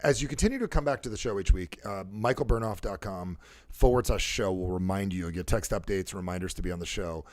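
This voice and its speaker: A man's voice: low voice, fast talker, a little mellow, no room sound, clean studio sound. A man hosting a motivational talk show about sales and conversation, who acts out how people sound on calls. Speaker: show host and sales coach.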